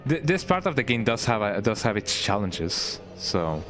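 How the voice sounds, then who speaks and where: Speaking at a normal speed in a lowish, very animated voice, a man streams a video game with casual let's play commentary. He rambles and adds "eh?" to his lines, with game music behind him.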